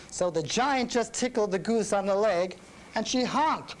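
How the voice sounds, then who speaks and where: A man's voice: sits high, measured pace, a little hiss or hum, rough recording. A man, a music teacher, reading a rhyming children's story in a sing-song way. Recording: reading with instruments playing.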